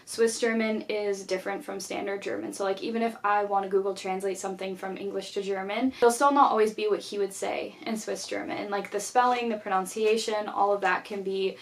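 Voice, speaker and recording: A woman's voice: mid-range voice, steady tone, a little fast, vocal fry, hardly any pauses. A young woman chatting casually in a vlog, talking about her journals with many "like" fillers. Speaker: YouTuber.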